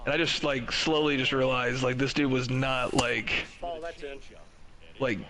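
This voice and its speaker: A man's voice: medium pitch, steady tone, a little slow, crowd noise, low-quality recording. Young guy spinning a swear-heavy story, acts out the quotes, other people chatting behind him. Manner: laid-back, swears a lot, acts out quotes. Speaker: podcast host. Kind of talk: casual storytelling chat.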